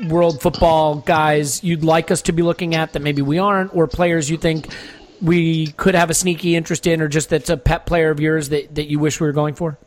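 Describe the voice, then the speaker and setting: Guy hosting a footy podcast, higher voice, stumbles over words asking stuff. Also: slight background noise. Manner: eager, stammering, questioning. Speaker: podcast host. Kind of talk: casual chat.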